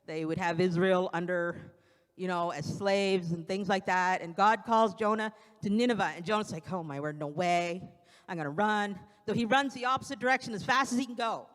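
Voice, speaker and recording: A woman's voice: medium pitch, a little fast. A woman giving an evening sermon in a conversational way, acting out quotes now and then, speaking into a pulpit microphone in a church sanctuary. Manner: conversational preaching with acted-out quotes. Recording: long church hall reverb.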